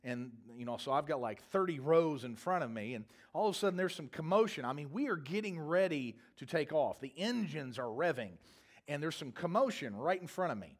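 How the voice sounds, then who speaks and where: A man's voice: a little high, animated, a little fast. A man preaching a sermon as a pastor, telling a long, humorous travel story in a rambling, self-correcting way.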